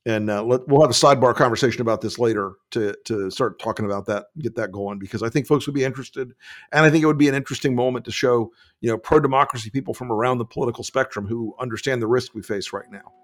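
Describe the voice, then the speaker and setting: Fast-talking man hosting a chat. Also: mid-range voice. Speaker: host. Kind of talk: casual conversation.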